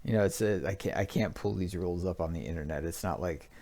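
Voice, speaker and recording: Male host, very low voice, casual halting commentary. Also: a little mellow. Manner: halting, with many fillers and restarts. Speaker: video host.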